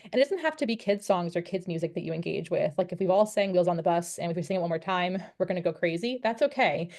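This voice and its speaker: A woman's voice: fairly low pitch, animated, quick pace, darkish tone. A young woman, a teacher of the deaf, presenting a friendly, step-by-step parenting webinar. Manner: friendly, encouraging, explains step by step.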